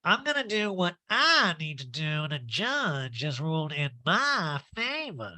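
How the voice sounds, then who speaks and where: A man's voice: on the high side, very animated, measured pace, pushed and bright, pitched above the performer's own voice, heavily acted, low-quality recording. A man doing a mocking impression of a cold, self-serving woman, with a stuffed-up nasal voice. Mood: smug.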